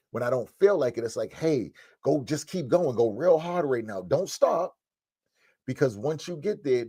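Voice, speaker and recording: A man's voice: mid-range voice, dark tone, no room sound. A man in his thirties giving a motivational lesson to young people, talking straight at them with street slang and tacking on "right?" again and again. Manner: repetitive, asks "right?" often; street slang, direct address. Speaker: coach.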